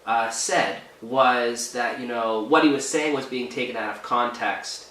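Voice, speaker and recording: Young Canadian male co-host, bright and forceful voice, echoey room, sits back from the mic. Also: mid-range voice, fairly even intonation, unhurried, far from the mic, a little hiss or hum. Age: young adult. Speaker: podcast co-host. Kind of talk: casual chat.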